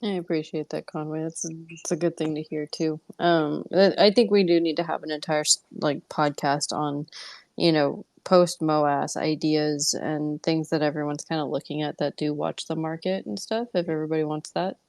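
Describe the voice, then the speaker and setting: A woman hosting a casual live audio show. Her voice sits low for a woman, and the sound is dry and close. She rambles along chattily, laughing at herself as she goes. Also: fairly even intonation, normal speed, darkish tone, no echo. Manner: chatty, rambling, self-deprecating. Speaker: podcast host.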